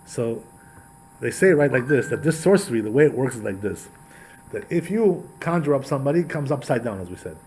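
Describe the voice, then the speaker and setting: A male rabbi teaching a Torah class retells a story in an animated, chatty way, with repetitive asides to his listeners. His medium-pitched voice is brisk, and the rough recording carries a little hiss or hum.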